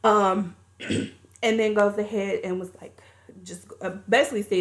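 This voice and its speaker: A woman's voice: mid-range voice, fairly even intonation, a little slow. A woman reviewing a movie, recapping the plot in a chatty, colloquial storytelling way.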